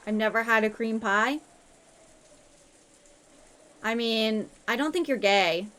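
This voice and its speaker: Young woman streamer, swears constantly, playful, slightly high voice. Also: takes it slowly, a bit bright. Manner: crude, swears a lot, playful. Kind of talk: casual live-stream chat.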